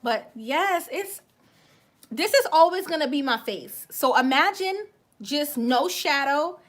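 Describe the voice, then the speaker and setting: A woman's voice: high-pitched, animated, slow, fairly bright tone. A woman with a light West Indian accent, chatting casually on a makeup livestream, thanking viewers and tripping over her words now and then. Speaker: beauty vlogger on a livestream.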